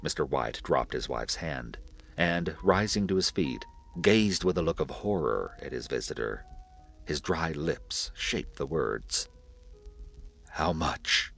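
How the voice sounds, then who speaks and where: A man narrating a classic horror story in a deliberate, measured reading. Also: rumbling low, expressive, gravelly. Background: faint music.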